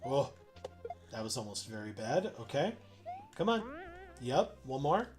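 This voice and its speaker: A man's voice: medium pitch, sing-song, unhurried, over music. A man streaming a video game, chatting casually and muttering encouragement to himself while he plays, poking fun at his own mistakes. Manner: muttering self-encouragement, self-mocking. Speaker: co-host playing the game. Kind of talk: casual livestream chat while playing.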